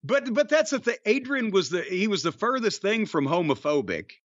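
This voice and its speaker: High-voiced man telling rowdy stories. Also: normal speed, no echo, dull audio. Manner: rambling, profane, animated storytelling. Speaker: former pro wrestler telling stories. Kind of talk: casual podcast chat.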